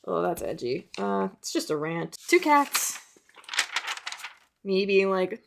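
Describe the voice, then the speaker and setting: A woman's voice: mid-range voice, very animated, slow, vocal fry, long pauses, slight background noise. A young adult woman, an artist and video creator, talking in a chatty, rambling way with self-mocking asides. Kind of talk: casual chat.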